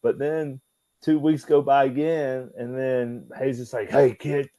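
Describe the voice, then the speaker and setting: A man's voice: medium pitch, steady tone, measured pace, dark tone, no room sound. A man who used to wrestle, talking as an interview guest in a loose, swearing style, laughing as he tells his stories. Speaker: guest, former pro wrestler. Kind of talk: casual interview storytelling.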